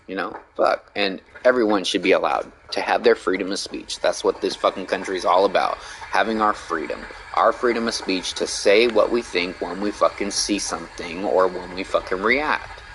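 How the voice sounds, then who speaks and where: A man's voice: low voice, normal speed, few pauses, fairly bright tone, slight background noise, rough recording. A man streaming a game, ranting bluntly in casual talk and swearing a lot. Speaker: gaming streamer. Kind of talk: casual rant while gaming.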